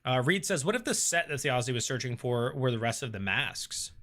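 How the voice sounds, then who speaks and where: A man's voice: mid-range voice, animated, fairly quick, bright, forceful tone. A man hosting a casual live stream, reading viewer comments aloud and thinking aloud with many ums and uhs. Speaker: host reading live chat.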